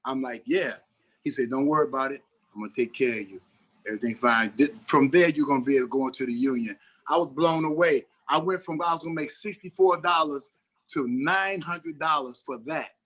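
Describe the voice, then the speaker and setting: A man's voice: medium pitch, fairly quick. A middle-aged man, an actor being interviewed on a podcast, telling a personal story and acting out the lines of the people in it. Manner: animated storyteller who acts out dialogue.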